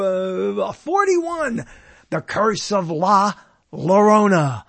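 A man's voice: high voice, lively intonation, takes it slowly, gravelly, fairly bright tone, dry recording. A man hosting a countdown of badly reviewed movies, jokey and rambling, who often corrects himself mid-sentence. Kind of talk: casual solo commentary.

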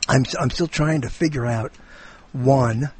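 A man's voice: medium pitch, darkish tone, slightly rough. A man in casual chat, telling pun riddles with lots of laughter and restarts. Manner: giggly, halting, keeps restarting his riddles.

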